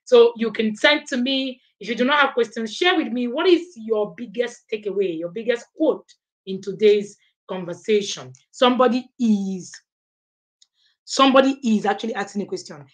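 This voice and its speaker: A woman's voice: fairly high pitch, normal speed. A middle-aged woman, giving a live online parenting class and answering questions. She talks emphatically, repeats her points and keeps checking in with "okay?". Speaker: parenting coach.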